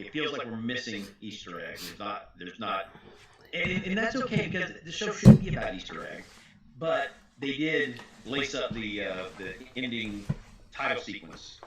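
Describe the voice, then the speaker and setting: A man in a casual podcast chat, laid-back and halting, dropping "dude" and "man" as he talks. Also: mid-range voice, animated. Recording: roomy echo, faint noise.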